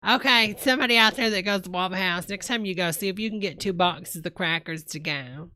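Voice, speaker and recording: A woman's voice: medium pitch, sharp tone, dry recording. A woman giving sassy, exclaiming comic commentary while reacting to a video. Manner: sassy, exclaiming, drawn-out remarks. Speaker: comedy host reacting to a video.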